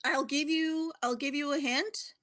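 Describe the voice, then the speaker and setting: A high-voiced woman hosting a trivia segment in a relaxed podcast chat. She giggles her way through the explanations and keeps the game moving. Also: measured pace. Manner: giggly, laughs often while explaining. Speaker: podcast co-host running a quiz. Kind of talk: casual chat.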